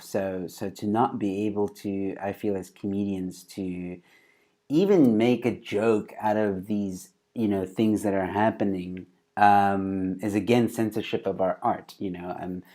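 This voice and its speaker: A man's voice: fairly low pitch, warm tone. A man hosting a casual interview over a video call, talking with many fillers and restarts. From South Africa. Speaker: host.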